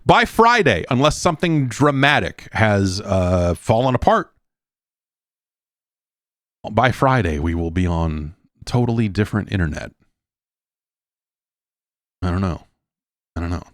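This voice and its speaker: A man's voice: lowish voice, expressive, measured pace, pauses often, fairly bright tone, no echo, studio quality. A middle-aged man hosting a podcast, rambling casually and breaking into profane rants. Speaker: podcast host. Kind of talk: casual monologue.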